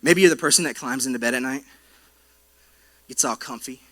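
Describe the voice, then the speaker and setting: A man's voice: mid-range voice, fairly quick, pauses often, a bit bright. A young man preaching a sermon in a church, telling playful stories with frequent asides to the congregation. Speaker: pastor. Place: church auditorium.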